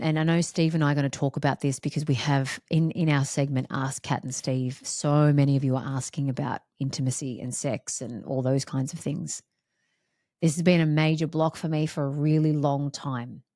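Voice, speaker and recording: A woman's voice: sits low, darkish tone, dry recording, clean studio sound. A woman hosting a reflective solo podcast, talking in an emphatic, repetitive, heartfelt way. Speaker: podcast host.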